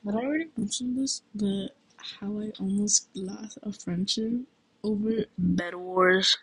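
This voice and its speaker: A woman's voice: mid-range voice, a little slow, a bit bright, slightly rough, no room sound, rough recording. A woman hosting her own podcast at home late at night, rambling in slangy, self-mocking casual chat. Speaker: podcast host.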